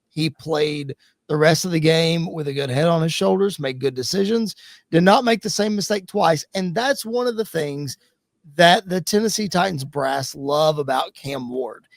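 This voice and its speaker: High-voiced man breaking down football. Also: creaky, dry recording. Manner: earnest, explanatory, repeats key points. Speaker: guest podcast host. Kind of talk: casual sports analysis.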